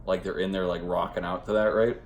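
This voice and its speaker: Casting: man with a very low voice, loose, rambling and profane movie review, recorded in an echoey room. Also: little pitch movement, brisk. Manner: rambling and profane, heavy on fillers. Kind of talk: casual spoken movie review.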